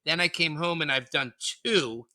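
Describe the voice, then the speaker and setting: A man's voice: on the high side, moderate pace, pushed and bright, no echo, studio quality. A man co-hosting a podcast, cracking teasing jokes and slurring a little after a few drinks. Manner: joking, teasing banter. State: tipsy, slurring slightly. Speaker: podcast co-host. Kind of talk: casual chat.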